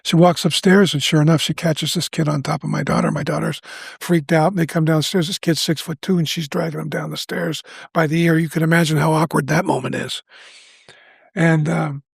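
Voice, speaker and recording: An older man in his seventies with a gravelly, husky voice that sits a bit high for a man. He tells a personal story earnestly on a podcast, often restarting his sentences and acting out what people said. The sound is close and dry. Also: fairly quick, no echo. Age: 70s. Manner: earnest, restarts often, acts out quoted lines. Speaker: guest. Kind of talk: candid storytelling in a podcast interview.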